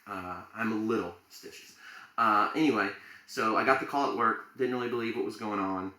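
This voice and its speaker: A man's voice: on the low side, brisk, bright, forceful tone, echoey room, rough recording. A man co-hosting a podcast, telling a story in a rambling, jokey way with plenty of fillers. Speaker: podcast co-host. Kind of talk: casual chat.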